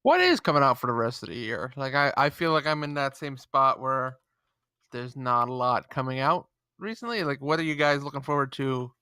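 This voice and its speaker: A podcast co-host in casual chat, asking questions and dropping quick replies. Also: mid-range voice, lively intonation, bright, forceful tone, smooth, dry recording, studio quality. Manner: asks questions, quick back-channel replies.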